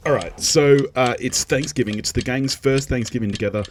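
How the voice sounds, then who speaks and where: A man's voice: medium pitch, fairly quick, slight background noise. A man co-hosting a podcast, joking, laughing often and poking fun at himself. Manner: jokey, laughs often, self-deprecating. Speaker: podcast co-host. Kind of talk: casual chat.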